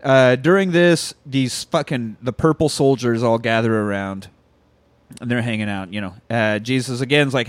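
A man co-hosting a casual movie podcast, profane and mocking, breaking into high squeaky impressions. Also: moderate pace, dry recording. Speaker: podcast co-host.

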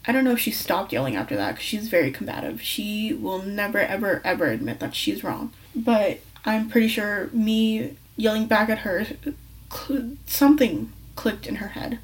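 A woman's voice: medium pitch, sing-song, moderate pace, far from the mic, poor audio. A young woman hosting a personal podcast, telling a story candidly and profanely, rambling and correcting herself, sometimes drifting off the mic. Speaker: podcast host.

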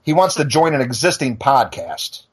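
A man's voice: mid-range voice, big pitch swings, moderate pace, breathy edge. A middle-aged male podcast host on a blunt, profane rant, tripping into restarts as he talks. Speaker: podcast and radio show host. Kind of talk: heated casual rant.

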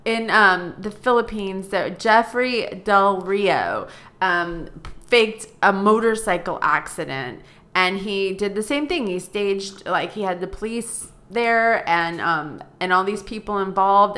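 A woman co-hosts a loose comedy chat and tells a story with lively, mocking commentary. She curses without a second thought, and her pitch sits right in the middle of the range. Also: a little slow. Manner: animated, mocking, swears freely. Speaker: podcast co-host.

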